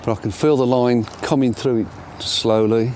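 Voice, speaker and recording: A man's voice: medium pitch, fairly even intonation, normal speed, darkish tone, slight background noise. An older man, chatting self-deprecatingly while fighting a fish outdoors by a lake. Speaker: angler and show presenter. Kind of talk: casual fishing commentary.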